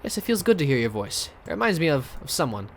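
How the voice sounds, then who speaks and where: A man voicing a lonely, warm-hearted older male innkeeper in a video game, with a put-on foreign accent and a halting, earnest delivery. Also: on the high side, very animated, slight background noise. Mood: wistful.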